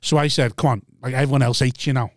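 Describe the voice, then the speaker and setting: A man's voice: mid-range voice, steady tone, fast talker, no room sound, clean studio sound. A man, a stand-up comedian, teasing his co-host and telling rambling anecdotes in casual podcast chat.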